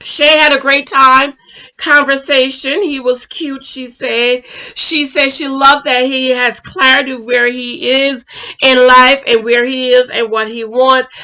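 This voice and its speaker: A woman's voice: sits high, level tone, measured pace, pushed and bright. A woman reviewing a TV show in casual recap commentary, emphatic and sassy. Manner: emphatic, sassy, quotes people dramatically.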